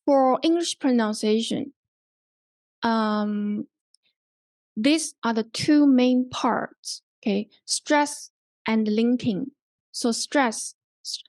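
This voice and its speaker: Speaking with a Hong Kong accent in a slightly high, slightly mellow voice, a woman leads an online English pronunciation workshop with no echo. She explains slowly and step by step, repeats and rephrases, and keeps checking in with "okay?".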